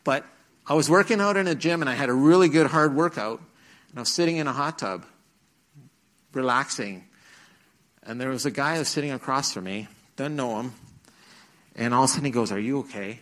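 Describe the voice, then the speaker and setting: A youth speaker, middle-aged, delivers his personal testimony to a teenage church audience. His mid-range voice is a bit bright and brisk, broken by frequent pauses, and he acts out quotes in an earnest storytelling style.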